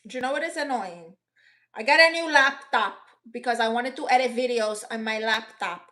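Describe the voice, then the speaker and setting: A woman's voice: on the high side, normal speed, pushed and bright. A woman hosting a casual livestream indoors, reading viewer comments aloud and answering bluntly and sassily, dropping Spanish exclamations as she goes. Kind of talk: casual live chat. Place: rented apartment indoors.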